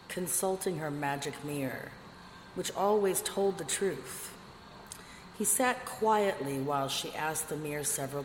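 A woman reads a fairy tale aloud in a measured, expressive way. Her voice is low and her pace unhurried. The recording has a long reverb and a faint background hiss. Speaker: narrator. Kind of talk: storybook reading. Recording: echoey room with long reverb, faint noise.

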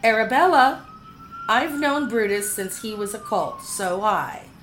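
A woman's voice: on the high side, animated, measured pace, slight background noise, pitched above the performer's own voice. A woman voicing a stern spinster sister who speaks sharply and gives orders. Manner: sharp, commanding.

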